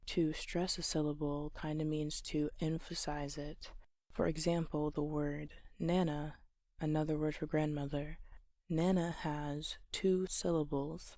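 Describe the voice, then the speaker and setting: Slow, soft-spoken poetry teacher. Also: medium pitch, little pitch movement, dry recording. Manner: soft, often slipping into a whisper; gentle, patient explaining with light laughs. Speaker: poetry channel host.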